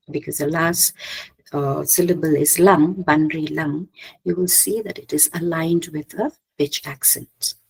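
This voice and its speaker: A woman giving an academic slide presentation, hesitant, often pausing with "okay" and restarting her phrases. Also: sits low, vocal fry, slightly rough, low-quality recording. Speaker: conference presenter.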